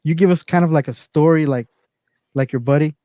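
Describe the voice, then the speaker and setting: A man's voice: fairly high pitch, brisk, dark tone, no room sound, highs cut off. A man hosting a casual online show, rambling, repeating himself and swearing freely. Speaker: show host. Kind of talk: casual chat.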